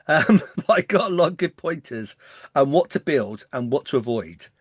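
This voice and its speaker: English man with a light West Country accent, co-host, quick and excitable, dry close sound. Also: fairly high pitch, slightly rough, no room sound. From West Country, England. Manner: fast-talking, excitable. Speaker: podcast co-host. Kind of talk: casual chat.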